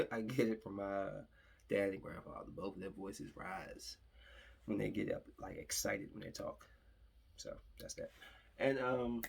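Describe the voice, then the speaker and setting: A man's voice: on the low side, gravelly, slight background noise. A young man hosting his own podcast, telling a long, rambling story full of fillers and asides. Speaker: podcast host. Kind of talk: casual storytelling monologue.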